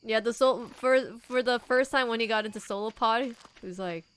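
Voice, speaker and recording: A woman's voice: fairly high pitch, a little fast, fairly bright tone, slight background noise. A young woman co-hosting a game stream, chatting casually and playfully retelling funny moments, often giggling. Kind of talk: casual chat. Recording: music playing underneath.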